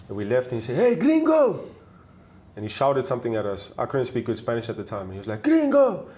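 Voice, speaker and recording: A man's voice: lowish voice, very fast. A young South African man, a travel video maker, casually telling stories as an interview guest and acting out the voices of people in them. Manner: animated, acts out voices in his stories. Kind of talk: casual storytelling.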